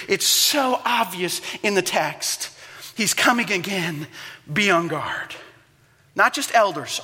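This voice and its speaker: A man preaching a sermon as pastor, telling stories dramatically and swinging from hushed to loud and impassioned. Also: high voice, big-room sound. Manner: impassioned, dramatic storytelling with wide swings in loudness.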